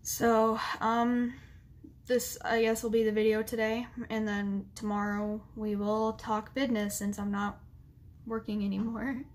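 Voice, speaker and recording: A young woman vlogger talking straight to camera, halting and full of fillers as she fights back tears. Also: on the high side, level tone. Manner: halting, with many fillers and restarts. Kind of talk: emotional apology vlog.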